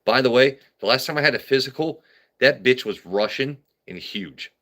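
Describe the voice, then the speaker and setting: A man chats to his livestream viewers in a loose, riffing way, often stammering and restarting. His voice is bright and forward, and his pitch sits in a middle range. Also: expressive, moderate pace. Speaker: livestream host. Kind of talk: casual livestream comedy chat.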